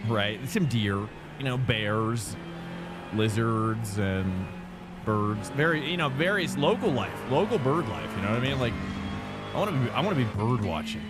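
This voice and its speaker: Over loud music, a man with a sing-song, mid-range voice chats at a moderate pace while live-streaming a sim race. He rambles casually, laughing frequently and filling his speech with plenty of ums and uhs.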